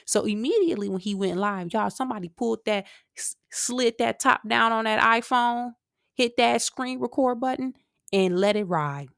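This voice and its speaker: A woman hosting a podcast and chatting through the news in a casual, animated way, with asides to her listeners. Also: on the high side, moderate pace, creaky, dry recording, studio quality. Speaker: podcast host. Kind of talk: casual commentary monologue.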